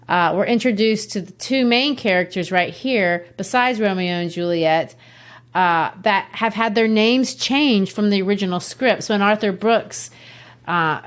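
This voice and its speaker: Chatty woman teaching literature. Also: mid-range voice. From Brazil. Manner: chatty, explains with asides and laughs. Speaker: literature teacher and podcast host. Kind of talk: conversational literature lesson.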